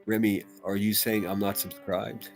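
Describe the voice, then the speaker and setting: A rather low-voiced man talks casually on his live stream, reading chat aloud and riffing between comments. He swears freely and doubles back on his words as he tells stories. Soft guitar music plays faintly underneath. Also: flat delivery, normal speed. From United States. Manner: loose and profane, rambling with restarts. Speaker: livestream host.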